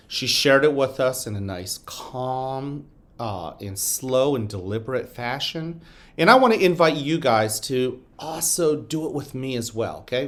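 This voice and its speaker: Man giving school morning announcements. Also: medium pitch. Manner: calm guided breathing, gentle and slow; encouraging, addresses children directly. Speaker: school principal.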